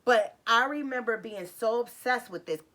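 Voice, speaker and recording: Bright-voiced woman telling a story. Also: on the high side, moderate pace. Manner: animated, acts out what people said; talks to viewers directly. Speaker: vlogger telling a personal story. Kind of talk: casual storytime monologue.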